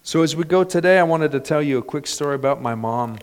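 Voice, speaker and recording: Animated male pastor with a higher voice. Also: quick pace, clean tone. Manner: animated preaching with bursts of loud emphasis. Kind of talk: sermon. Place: church.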